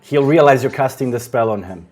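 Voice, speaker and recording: A man narrating a tabletop game as game master, chatty and relaxed, often restarting his sentences. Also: mid-range voice, a little fast, faint music behind.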